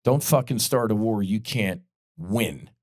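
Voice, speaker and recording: A man's voice: lowish voice, lively intonation, measured pace, no echo, studio quality. Blunt, profane male podcast host. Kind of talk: opinionated political commentary.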